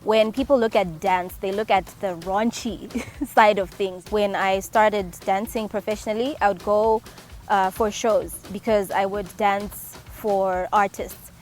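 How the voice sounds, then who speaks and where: A woman's voice: medium pitch, fairly even intonation, unhurried, faint music behind. A woman from Zimbabwe, a dance instructor, speaking earnestly in an interview. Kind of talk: interview testimony.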